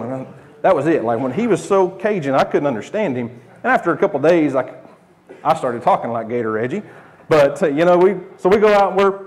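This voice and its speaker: A man's voice: fairly high pitch, darkish tone. A man in his thirties with an Oklahoma accent, telling a casual, rambling story to the camera with restarts and chuckles. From United States. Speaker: homesteading channel host.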